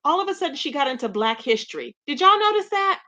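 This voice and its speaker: A woman hosting a live stream who reads viewers' chat aloud and gives gossip commentary in an animated, expressive way, laughing often and talking straight to her audience. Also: high-pitched, fast.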